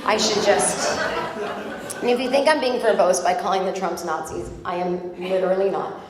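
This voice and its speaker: A woman's voice: mid-range voice, steady tone, moderate pace, a loud crowd. An American woman comedian telling a chatty, exasperated stand-up story on a club stage, with mocking asides. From United States. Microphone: stage microphone. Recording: echoey live club recording.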